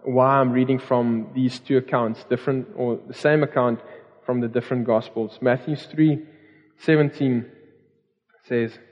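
A man's voice: medium pitch, fairly even intonation, a little slow, darkish tone. A man preaching a sermon to a church congregation, earnest, with repeated phrases and restarts. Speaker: pastor. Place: church hall. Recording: dull recording in a long-reverb hall.

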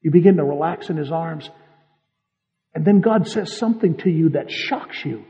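A man's voice: a little high, animated, normal speed, warm tone. A man preaching a guided-imagery sermon, telling a vivid story in the second person with strong feeling. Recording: dull, reverberant hall.

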